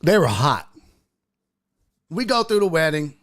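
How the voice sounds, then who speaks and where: A man's voice: a little high, big pitch swings, unhurried, fairly bright tone. A man hosting a sports stream, telling a story with lots of cursing and quoted voices. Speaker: sports show host. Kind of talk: casual livestream chat and storytelling.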